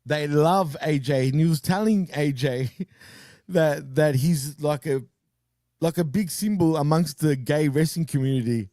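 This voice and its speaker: Mellow-voiced man laughing through a story. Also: a little high, measured pace, no echo, clean studio sound. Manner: laughs often, loose storytelling with "dude" and "man". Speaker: podcast co-host. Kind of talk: casual wrestling podcast chat.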